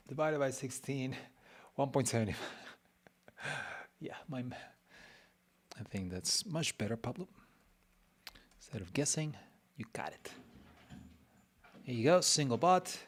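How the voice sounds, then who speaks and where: A man streaming a casual design walkthrough who chats and mutters to himself, teasing himself along the way. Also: medium pitch. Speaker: web designer streaming his work.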